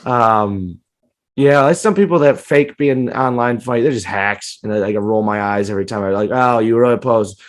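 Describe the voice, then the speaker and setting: A man co-hosting a comedy podcast, ranting casually with lots of swearing and mocking put-on voices. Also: moderate pace. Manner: profane, ranting, jumps into high mocking voices. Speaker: podcast co-host.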